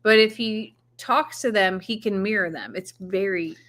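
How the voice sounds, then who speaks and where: A woman co-hosting a live stream, telling stories in an animated, teasing way. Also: medium pitch, moderate pace. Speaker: livestream co-host. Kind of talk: casual chat.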